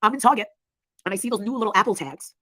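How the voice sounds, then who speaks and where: A woman's voice: medium pitch, animated, rapid-fire, bright, forceful tone, no echo. A woman hosting a casual livestream chat, blunt and swearing freely, often laughing. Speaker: livestream host.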